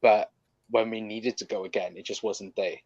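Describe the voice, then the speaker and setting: A man's voice: on the low side, little pitch movement, moderate pace, darkish tone, dry recording, dull audio. A man co-hosting a casual football chat show, rambling with many ums and restarts. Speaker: football podcast co-host. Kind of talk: casual post-match chat.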